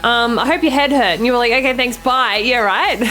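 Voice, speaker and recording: A woman streaming a game live, chatting casually with her viewers, giggly and quick to swear and apologize. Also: fairly high pitch, pushed and bright, faint music behind. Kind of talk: casual live-stream chat while gaming.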